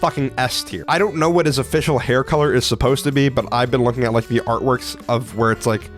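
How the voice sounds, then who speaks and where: Young male vlogger, mid-pitched, casual and profane, excitable fan energy. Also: fast talker, soft background music. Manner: profane, excitable, lots of "like" fillers. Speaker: anime video creator. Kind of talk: casual commentary ranking characters.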